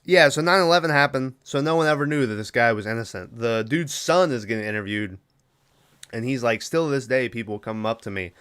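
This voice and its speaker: Smooth-voiced man recapping a movie. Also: mid-range voice, a little fast, fairly bright tone. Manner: rambling, filler-heavy retelling with quoted lines. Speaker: podcast host. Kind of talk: casual solo movie recap.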